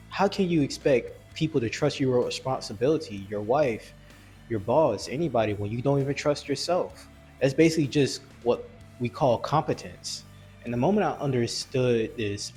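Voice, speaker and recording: A man giving a blunt, earnest motivational talk about self-discipline and weight loss, with frequent restarts, over soft music. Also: mid-range voice. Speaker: fitness vlogger. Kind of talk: motivational monologue.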